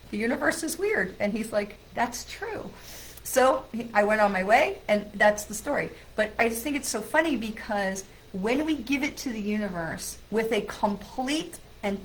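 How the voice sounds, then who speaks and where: A middle-aged woman, a psychic medium, casually telling a personal story to her viewers in a chatty, animated way. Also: medium pitch, a little hiss or hum, poor audio.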